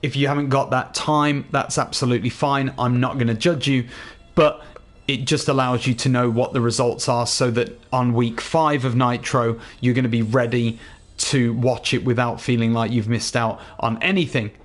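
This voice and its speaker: A man's voice: mid-range voice, steady tone, moderate pace. An English man, a gaming video host, talking to his viewers in a chatty, earnest, rambling way as he closes his video. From England. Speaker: gaming YouTuber. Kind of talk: casual outro to viewers.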